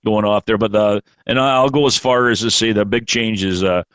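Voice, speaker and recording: A man hosting a podcast in casual chat, rambling and halting, swearing freely. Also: on the low side, fairly even intonation, fairly bright tone, clear, resonant tone, no room sound, lo-fi sound. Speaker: podcast host.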